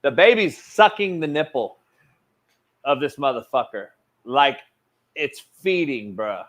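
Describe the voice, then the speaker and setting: A man's voice: medium pitch, expressive, measured pace, fairly bright tone. A man hosting a sports talk show, ranting in a heated, profane, slangy way. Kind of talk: casual talk-show rant.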